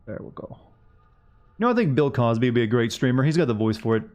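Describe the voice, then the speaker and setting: A man's voice: medium pitch, sing-song, fast, darkish tone. A man streaming a video game, chatting casually and joking with his chat as he plays. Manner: rambling, joking asides to chat. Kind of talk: casual gameplay commentary.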